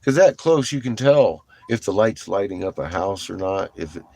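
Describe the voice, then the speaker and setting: A deep-voiced middle-aged man with a husky, slightly rough tone tells a loose, rambling story about his trip. He swears freely and keeps breaking into laughter as he talks. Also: expressive, normal speed, a little mellow, no echo. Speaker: vlogger. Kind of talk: casual storytelling.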